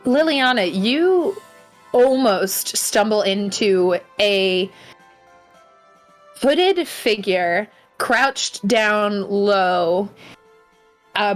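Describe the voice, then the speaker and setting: Woman game master, unhurried and halting, soft music underneath. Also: mid-range voice. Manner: hesitant, many fillers. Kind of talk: narrating a tabletop game.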